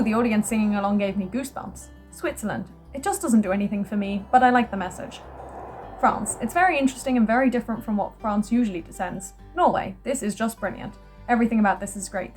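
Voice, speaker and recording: Here a young UK vlogger with a mid-range voice chats her way through her own notes. Excitable throughout, she laughs a great deal and breaks into surprised cries.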